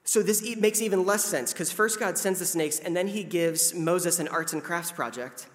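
A man's voice: fairly high pitch, fairly quick, few pauses, a bit bright. A man in his thirties giving a casual, conversational sermon as a pastor, self-deprecating and now and then acting out voices. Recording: long hall reverb.

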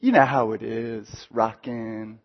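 A man's voice: fairly even intonation, takes it slowly. A man voicing a teenage boy who drops his voice to act cool and nonchalant. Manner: drawling, low, nonchalant. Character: teenage boy acting cool and laid-back. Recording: dull sound with long hall reverb.

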